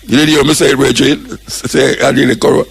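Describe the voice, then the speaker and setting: A man's voice: medium pitch, flat delivery, fast, creaky, husky. An older man with a Jamaican accent, hosting a radio talk show and speaking out with impassioned, preaching commentary, mixing patois and English. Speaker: radio host.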